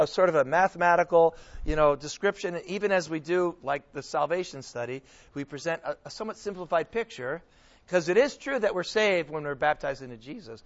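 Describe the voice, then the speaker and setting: A man's voice: high-pitched, a bit bright. A man preaching and teaching scripture to a group, questioning his listeners, with frequent restarts. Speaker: preacher leading a Bible study. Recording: dull lo-fi recording.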